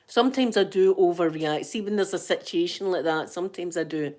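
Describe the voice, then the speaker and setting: A woman's voice: on the low side, brisk, darkish tone. A middle-aged Scottish woman telling rambling, dramatic anecdotes in casual chat as a channel host. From Scotland.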